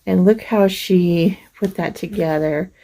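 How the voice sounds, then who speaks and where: A middle-aged woman hosting a craft vlog, gently showing off mail she received and gushing over each piece. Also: fairly low pitch, fairly even intonation, poor audio. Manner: slow, gentle, gushing over small things. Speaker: craft channel host. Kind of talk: casual show-and-tell vlog.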